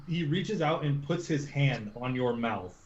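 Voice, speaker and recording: A man narrating as game master of a tabletop game over a voice call, relaxed and casual. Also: mid-range voice, unhurried, reverberant, lo-fi sound, slight background noise.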